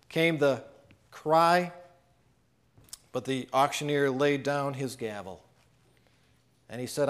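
A male preacher who tells a story with a high voice. He speaks in a dramatic way and drops almost to a hush on his key lines. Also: slow, pauses often. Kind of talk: sermon storytelling.

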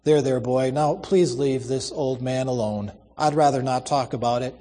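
A man reading the part of a kindly old convict who talks in a gentle, pleading, resigned way. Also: mid-range voice, moderate pace, big-room sound, close to an everyday voice. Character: kindly self-sacrificing old male convict.

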